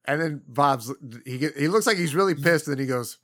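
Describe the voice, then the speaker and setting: A man with a fairly high, bright voice talks casually about a film he loves. He is animated and swears freely as he retells scenes. His tone is light and forward. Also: fairly quick. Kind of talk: casual movie discussion.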